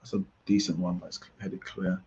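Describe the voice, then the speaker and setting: A man's voice: deep voice, completely flat delivery, moderate pace, dark tone, lo-fi sound. A man hosting a live football watchalong, chatting casually and reacting aloud to the play. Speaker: watchalong host. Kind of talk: live match watchalong commentary.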